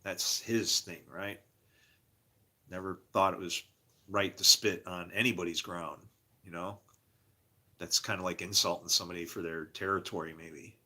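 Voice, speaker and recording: A man's voice: deep voice, fairly even intonation, moderate pace, pauses often, pushed and bright. A middle-aged man rambling grumpily about faith and his day, preaching and laughing at himself. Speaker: vlogger. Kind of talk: rambling monologue.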